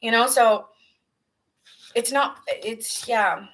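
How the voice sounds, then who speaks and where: Woman doing a chatty tarot read, bright voice, earnest and kinda emotional, rambles a lot. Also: fairly high pitch, slow, poor audio. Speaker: tarot reader. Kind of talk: casual tarot reading.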